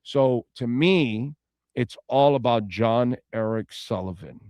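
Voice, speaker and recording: A man's voice: mid-range voice, a little mellow, dry recording. Emphatic sports radio man, dry mic. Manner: emphatic, opinionated, drawn-out stresses. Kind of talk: casual sports talk.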